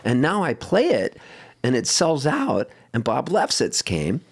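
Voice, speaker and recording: A middle-aged man from San Diego, a guest musician telling road stories in a casual interview, animated and quick to laugh. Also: medium pitch, husky. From San Diego, California.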